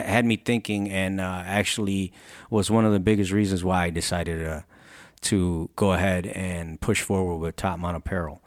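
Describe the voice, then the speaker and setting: A man's voice: on the low side, no echo, studio quality. Earnest, rambling man telling a story. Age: adult with children. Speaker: apparel brand founder. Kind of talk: motivational monologue.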